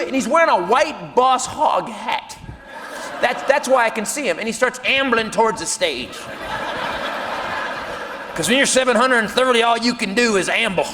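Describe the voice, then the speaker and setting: A middle-aged man doing a stand-up comedy set, telling a story in a loud, animated way with shouted punchlines. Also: sits high, vocal fry. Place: comedy stage before a live audience. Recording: live hall recording with audience noise.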